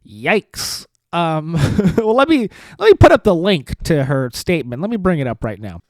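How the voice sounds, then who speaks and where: A man rants through a solo comedy podcast monologue from a studio apartment, swearing freely and restarting his sentences. His sardonic delivery swings widely up and down in pitch. The sound is close and dry. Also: very animated, normal speed, no room sound. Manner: rambling, profane, sardonic, with many restarts. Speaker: podcast host.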